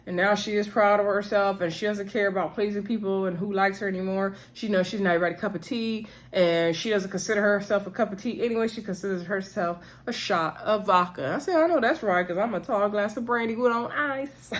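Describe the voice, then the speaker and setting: A woman hosting a casual reality TV recap, chatty and sassy, acting out the cast members' lines in quick voices. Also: medium pitch. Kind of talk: casual chat.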